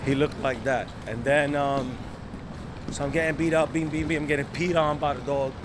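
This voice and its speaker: A man telling a comedic, profane story to camera in a brash, deadpan way. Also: medium pitch, normal speed. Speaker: street storyteller. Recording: loud street noise behind.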